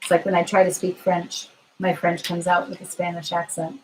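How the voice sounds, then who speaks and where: A woman tarot reader answering viewer questions on a live stream, gentle and reassuring, thinking aloud with frequent fillers. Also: on the low side, completely flat delivery, normal speed, slight background noise, low-quality recording.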